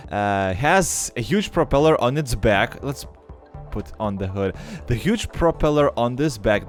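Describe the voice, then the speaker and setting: A young man with a non-native English accent, giving game commentary and explaining step by step with many fillers. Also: mid-range voice. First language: not English. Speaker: gaming YouTuber.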